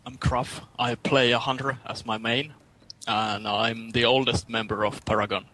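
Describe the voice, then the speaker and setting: A man's voice: mid-range voice, little pitch movement, moderate pace, bright, forceful tone, low-quality recording. A man in his thirties, a guest giving short, modest answers in a casual interview. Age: 30s. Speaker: guest, guild raider.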